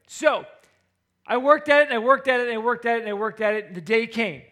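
A man in his thirties speaking to a live audience, telling a humorous personal story in an animated way and acting out his own thoughts and what others said. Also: high voice, creaky.

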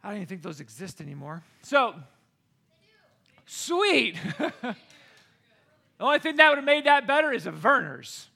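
A middle-aged man tells a homey story straight to camera in a high, bright voice. He is animated and jumps into the voices of the people in the tale. It stays casual and chatty throughout. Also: normal speed, gravelly, pauses often. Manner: animated, acts out quoted voices with big swings. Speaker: vlogger.

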